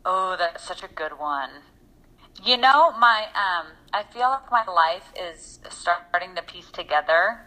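A woman's voice: fairly low pitch, expressive, measured pace, pushed and bright, low-quality recording. A young woman co-hosting a podcast, talking earnestly and reflectively about her goals in a casual chat, often restarting her sentences.

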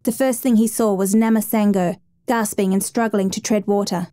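A woman reading a dramatic true story as a steady, measured narrator. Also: medium pitch, no echo.

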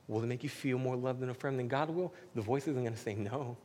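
Guy preaching in a big echoey hall, slangy and casual, goes from hushed to loud. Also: medium pitch, fast talker, hardly any pauses. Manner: swings from hushed whispers to loud emphatic passages; casual, uses "man" and "y'all". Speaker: pastor. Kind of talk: sermon. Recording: hall with faint background noise.

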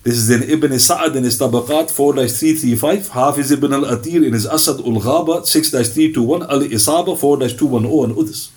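A man teaching a religious lesson, telling stories in a lively way and citing sources by number. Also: mid-range voice, a little fast, hardly any pauses. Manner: lively storyteller, cites hadith sources by number. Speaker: Islamic teacher.

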